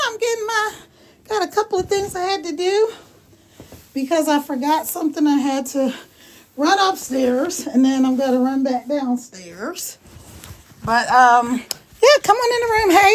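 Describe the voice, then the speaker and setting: A woman's voice: very high-pitched, animated, moderate pace. A woman hosting a casual livestream from home on her phone, chatting and laughing as she greets viewers and walks around. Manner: walking around while talking. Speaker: livestream host.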